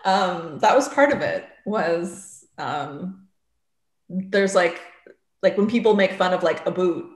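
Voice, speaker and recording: Slow-talking woman, kinda hesitant n thoughtful, roomy echo on her. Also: fairly low pitch, animated. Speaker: podcast co-host. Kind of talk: casual chat.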